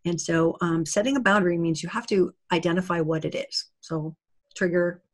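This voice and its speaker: A woman's voice: on the low side, fairly even intonation, normal speed. A woman giving an earnest, conversational talk on setting boundaries, acting out short dialogues as she goes. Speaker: summit speaker on narcissistic abuse recovery. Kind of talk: interview-style talk.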